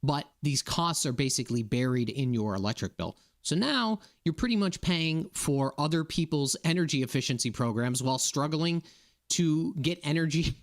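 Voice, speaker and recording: An indignant man with a slightly higher voice rants casually to his viewers. He keeps checking in with "okay?" and "right?" as he talks. He is from Massachusetts. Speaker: political commentator. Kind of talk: casual political rant to viewers.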